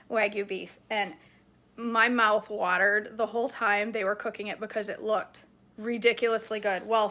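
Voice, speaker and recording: A woman's voice: medium pitch, fairly bright tone. A woman in her forties casually chatting through a grocery haul, rambling through asides and laughing easily. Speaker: vlogger showing grocery haul. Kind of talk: casual chat.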